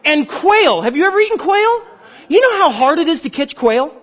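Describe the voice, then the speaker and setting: A man preaching a sermon, animated and storytelling, sometimes acting out characters. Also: extremely high pitch, normal speed. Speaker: pastor. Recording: dull sound in a reverberant hall.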